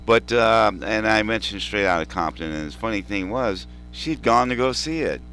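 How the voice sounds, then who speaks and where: A man co-hosting a casual film review chat, telling anecdotes in a measured, conversational way. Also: lowish voice, lively intonation, sharp tone, a little hiss or hum.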